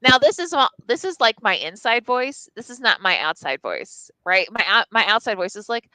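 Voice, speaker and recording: A woman's voice: fairly high pitch, sing-song, normal speed, hardly any pauses, bright, forceful tone, clear, resonant tone, dry recording, poor audio. A woman telling a candid personal story on a live stream, casual and profane, full of "like" and restarts. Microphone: live stream mic.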